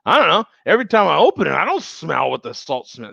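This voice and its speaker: A man's voice: on the high side, wildly swooping pitch, quick pace, gravelly, sharp tone, breathy edge, dry recording, dull audio. A man casually reviewing a beer on a live stream, joking and laughing often as he chats with viewers.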